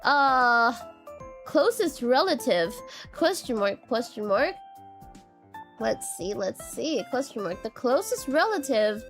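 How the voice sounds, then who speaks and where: High-pitched woman, casual stream chatter, reads chat aloud, faint music behind. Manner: rambling, reads chat aloud, repeats "question mark"; animated, quick laughs and bursts of excitement.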